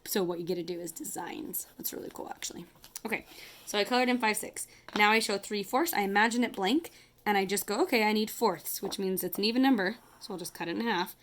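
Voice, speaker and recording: A woman's voice: mid-range voice, fast, a bit bright, slight background noise. A woman teacher talking children through a math lesson as she draws, chatty and apologetic, counting aloud as she goes. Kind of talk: casual math lesson to kids.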